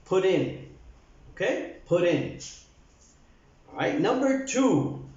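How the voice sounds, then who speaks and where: A man teaching an English lesson to Spanish speakers, speaking slowly and repeating words for practice. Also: high voice, big pitch swings, a little mellow. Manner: slow, repeats words for drills. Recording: echoey, dull lo-fi room sound.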